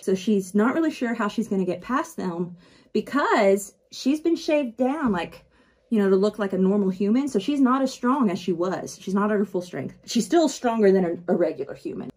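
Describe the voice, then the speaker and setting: Chatty woman doing a makeup vlog. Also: mid-range voice. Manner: chatty, animated retelling with quick asides. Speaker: vlogger. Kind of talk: casual book chat while doing makeup.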